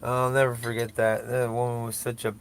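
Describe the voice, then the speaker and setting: Older male podcast host, mid-pitched gravelly voice, casual profane ramble. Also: completely flat delivery, brisk. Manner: rambling, profane, self-mocking.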